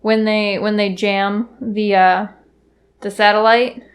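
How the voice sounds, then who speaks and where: A woman's voice: medium pitch, level tone, slow pace. A young woman co-hosting a casual podcast, swearing a lot and breaking into quoted movie lines. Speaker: podcast co-host. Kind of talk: casual chat.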